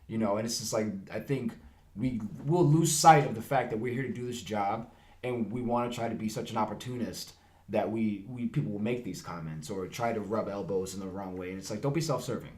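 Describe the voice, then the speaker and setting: A man, an actor, chatting casually on a podcast, telling stories in a fast, profane, animated way. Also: lowish voice, reverberant.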